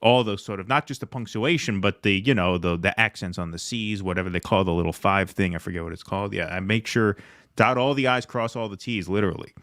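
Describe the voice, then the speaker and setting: A man's voice: lowish voice, fast, a bit bright, dry recording, studio quality. A man hosting a podcast, talking in a loose, rambling way full of hedging asides. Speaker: podcast host. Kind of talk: casual commentary chat.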